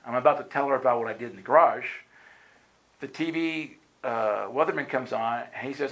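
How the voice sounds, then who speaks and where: In a low-quality recording, a man with a medium-pitched, slightly bright voice talks fairly quickly as he preaches and shares a personal testimony. He keeps it conversational, dramatically acting out what people said and often asking "right?" to check in, in the style of sermon storytelling.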